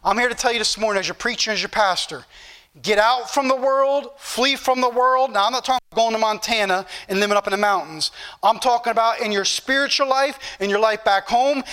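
A man preaching in church with a high, bright, cutting voice. He drives his points home with repetition and rising fervor, reading scripture and then pressing it on his listeners. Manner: fervent, repetitive, building intensity. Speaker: pastor. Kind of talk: sermon.

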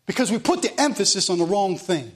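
A high-voiced man preaches a fervent sermon. He hammers phrases again and again, swinging from loud declarations to hushed ones. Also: very animated, fast talker.

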